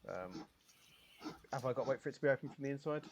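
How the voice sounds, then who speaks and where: A man's voice: mid-range voice, expressive, fast, no room sound. A man playing a character in a tabletop role-playing game, talking in a friendly, hesitant way with plenty of "um" and "uh". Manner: hesitant, friendly, light laughs. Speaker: player. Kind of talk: casual tabletop play, partly in character.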